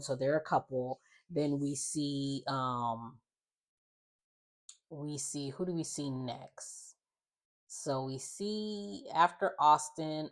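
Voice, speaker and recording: Young woman with a low voice rambling through a reality show recap, lots of likes and ums. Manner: chatty, rambling, with many fillers and quoted asides. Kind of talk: casual recap chat.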